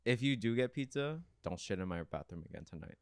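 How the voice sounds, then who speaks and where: A man with a fairly low voice chats casually as a podcast guest. He needles his co-host with dry, deadpan teasing and short quips. The recording is close and dry. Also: brisk, no room sound. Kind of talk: casual chat.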